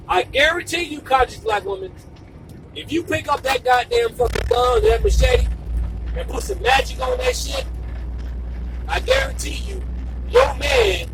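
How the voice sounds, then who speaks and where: A man delivering an impassioned, profane video monologue, repeating himself for emphasis and sometimes shouting. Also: extremely high pitch, gravelly, far from the mic, noisy background. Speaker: video blogger.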